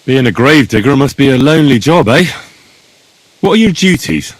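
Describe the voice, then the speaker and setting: A man's voice: mid-range voice, animated, a little fast, no room sound, close to an everyday voice, poor audio. A man playing a curious young man. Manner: inquisitive, earnest. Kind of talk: video game dialogue.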